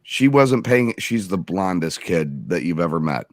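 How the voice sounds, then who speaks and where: A man's voice: sits low, very animated, unhurried, dry recording, clean studio sound. A man on a casual talk show, telling a story in a blunt, swearing way. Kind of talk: casual chat.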